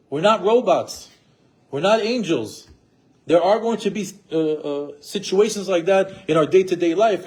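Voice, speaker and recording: Middle-aged guy giving a torah class on marriage, kinda high voice but mellow, tosses out questions. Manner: animated, rhetorical questions, acts out quoted spouses. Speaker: Torah teacher.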